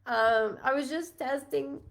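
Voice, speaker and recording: With a high voice and a measured pace, a thirty-something psychic medium from New York conducts a live-streamed reading. Her delivery is chatty and emotional, wandering off on tangents and often apologetic.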